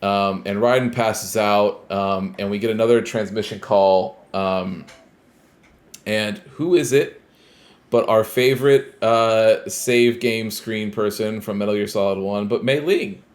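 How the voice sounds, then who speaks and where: A man's voice: fairly low pitch, steady tone, a little slow. A man co-hosting a podcast, recapping a video game's story in casual chat, loose and rambling with lots of filler words and casual swearing. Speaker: podcast co-host.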